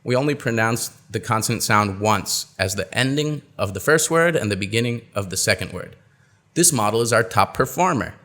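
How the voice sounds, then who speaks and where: Man teaching pronunciation, slightly low voice. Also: lively intonation, a bit bright. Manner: explains patiently, models example phrases slowly and clearly. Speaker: pronunciation coach. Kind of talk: webinar lesson.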